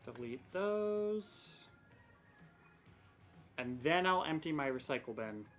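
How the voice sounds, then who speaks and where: A woman's voice: deep voice, very animated, takes it slowly, faint music behind. A young woman streaming a game, chatting casually and rambling with self-mocking exasperation about her technical troubles. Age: young adult. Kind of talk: casual live-stream chat.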